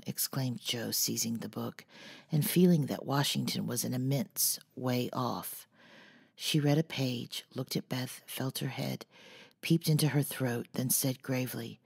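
A woman narrating an audiobook in a soft, measured way, sometimes nearly whispering, with a husky voice. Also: a bass voice, fairly even intonation. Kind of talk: audiobook reading.

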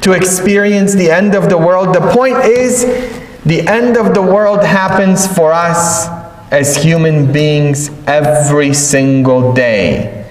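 Slow-speaking priest in an echoey church. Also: male voice, fairly high pitch. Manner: slow, storytelling homily with joking asides. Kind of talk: sermon. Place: large church.

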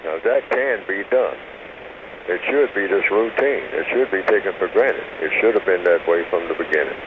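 An older man calling in to a radio interview, laying out definitions slowly and deliberately. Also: low-pitched. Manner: slow, deliberate, defining terms carefully. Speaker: guest. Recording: hissy phone line on radio.

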